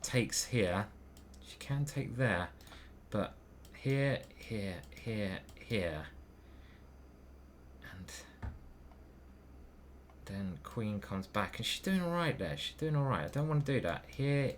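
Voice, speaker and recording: A man's voice: on the low side, big pitch swings, drawn-out words, pauses often, slight background noise. A man thinking aloud as he plays online chess, muttering moves and questioning himself. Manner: muttering move by move, hesitant self-questioning. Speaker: chess grandmaster commentating his own games.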